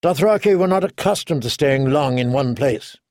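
A man reading a fantasy novel aloud in steady, measured scripted narration. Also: mid-range voice, no room sound, clean studio sound. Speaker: audiobook narrator.

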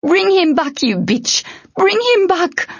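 A woman's voice: very high-pitched, sing-song, takes it slowly, no room sound, pitched above the performer's own voice, heavily acted. A woman reading an audiobook, voicing a desperate young woman fighter who speaks urgently in a raised voice. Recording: dull lo-fi.

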